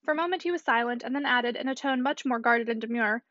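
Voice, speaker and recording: A woman reading a classic novel aloud as an audiobook, fluent and brisk. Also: a little high, fairly bright tone, no echo, lo-fi sound. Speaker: audiobook reader.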